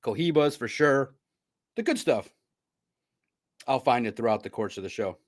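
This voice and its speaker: A man hosting a live sports recap stream, talking in a rambling, excitable way with frequent laughs. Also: normal speed. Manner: animated swings between loud outbursts and low asides. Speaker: sports podcast host.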